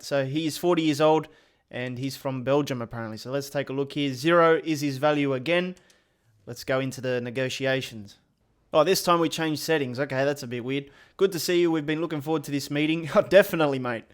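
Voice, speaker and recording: A man's voice: a little high, smooth. A man giving casual, joking commentary over a football video game. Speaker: gaming youtuber. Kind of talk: gameplay commentary.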